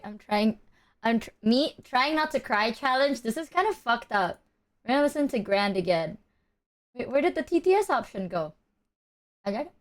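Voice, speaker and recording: A woman streamer chatting casually to her audience, teary and rambling, with lots of "like" and laughter. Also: fairly high pitch. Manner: emotional, laughing, rambling with filler "like". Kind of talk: casual live-stream chat.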